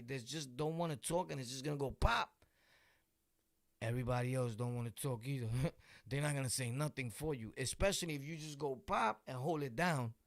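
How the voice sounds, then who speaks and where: Spinning a casual street story peppered with slang and laughing asides, a Brooklyn-accented vlog host speaks in a gravelly mid-range voice. The recording is dry and of studio quality.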